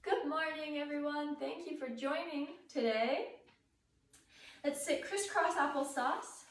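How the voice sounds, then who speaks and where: A young adult woman teaching a yoga class for children in a gentle, sing-song, playful way. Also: high-pitched, unhurried. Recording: echoey room, voice from far.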